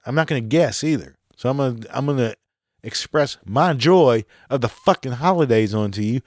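A man's voice: medium pitch, animated, moderate pace, no echo. A man hosting a solo podcast, ranting sarcastically and swearing often. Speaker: podcast host.

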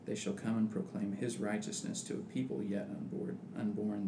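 A man's voice: lowish voice, flat delivery, normal speed, hardly any pauses. A man in casual religious discussion who talks thoughtfully with many restarts and reads scripture aloud. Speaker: podcast co-host. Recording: echoey room with background noise.

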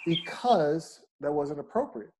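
A man's voice: a little high, animated, measured pace, background noise. A man co-hosting a casual chat, talking in long, profane, emphatic rants.

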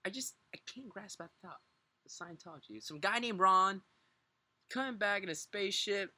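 A man co-hosts a podcast, his voice sitting high and moving at a moderate pace in a dry recording. He's excitable, swears a lot, laughs often, and his words come out thick and mumbled as he runs them together in casual, joking banter.

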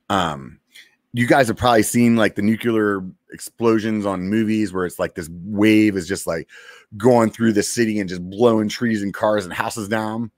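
A man in his forties, formerly in the military, shares a service story in a casual, profane way, with many pauses and filler words. The studio-quality audio has no room sound, and his voice is fairly low in pitch.

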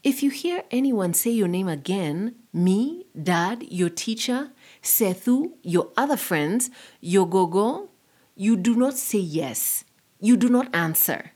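A woman's voice: medium pitch, expressive, takes it slowly, a little mellow. A woman reading the part of a stern, worried middle-aged father who speaks firmly. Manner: firm, scolding.

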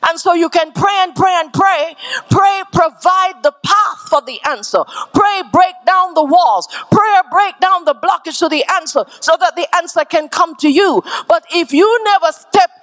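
A woman pastor from Canada preaching a sermon, building to shouted climaxes and repeating key phrases. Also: very high-pitched, normal speed.

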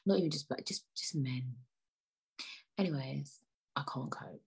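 Chatty young woman, husky and low. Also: unhurried. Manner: chatty, rambling, playfully indignant. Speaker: podcast host. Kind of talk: casual solo podcast chat.

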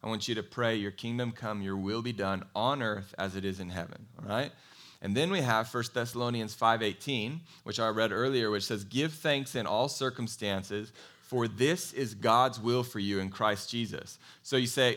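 A man preaching a sermon in a conversational, animated way, telling a Bible story and asking his congregation questions. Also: lowish voice, normal speed. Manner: animated storytelling, acts out quoted voices. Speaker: pastor.

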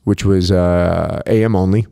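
A man's voice: deep voice, a little slow, creaky, clean tone. A man, a DJ, telling backstage stories in casual chat, swearing freely and acting out what others said. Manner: profane, animated, acts out quotes.

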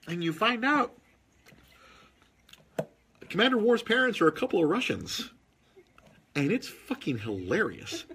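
A man telling stories in casual podcast chat, animated, with husky tone. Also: high-pitched, unhurried, long pauses, slight background noise. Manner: animated storytelling with put-on quoted voices.

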